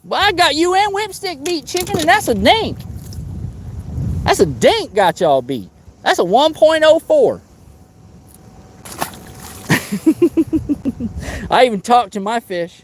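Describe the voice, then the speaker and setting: Excitable high-voiced man streaming live. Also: slow, long pauses, slight background noise. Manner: excitable, whoops and laughs, playful teasing. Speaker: fishing livestream host. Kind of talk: casual live-stream chat.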